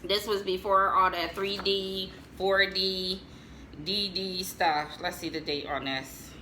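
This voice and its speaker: A woman's voice: medium pitch, steady tone, slow pace, sharp tone, a little hiss or hum, low-quality recording. A middle-aged American woman chatting casually to viewers as she shows family photos, joking and laughing as she goes. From United States. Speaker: vlogger showing family photos.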